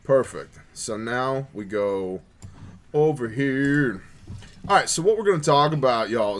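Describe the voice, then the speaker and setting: A man with a drawl hosts a laid-back livestream from home, cracking jokes and teasing his co-host. His voice sits at an ordinary middle pitch. A faint hiss of background noise runs under the recording. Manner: joking, banters with co-host. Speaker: podcast host. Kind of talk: casual livestream chat.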